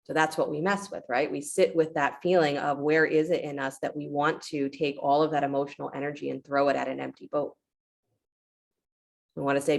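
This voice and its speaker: Yoga teacher, woman: low-pitched, a little gravelly, calm encouraging cues and reflective talk. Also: a little fast. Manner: calm, encouraging cueing with short commands; reflective storytelling about letting go. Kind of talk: guided yoga class instruction.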